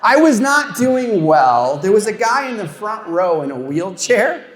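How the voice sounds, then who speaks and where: Lively middle-aged man doing stand-up in an echoey hall. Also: sits high, a little slow, background noise. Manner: animated storytelling, self-mocking punchlines. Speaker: stand-up comedian. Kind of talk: stand-up routine with crowd work. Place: comedy show stage before a live audience. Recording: echoey hall with long reverb.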